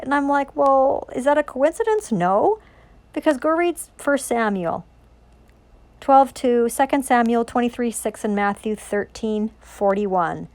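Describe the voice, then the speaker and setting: A woman speaking in a rambling, intense monologue about scripture. She swears often and keeps asking rhetorical questions. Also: on the high side. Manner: intense, profane, preachy with frequent rhetorical questions. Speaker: self-styled religious preacher.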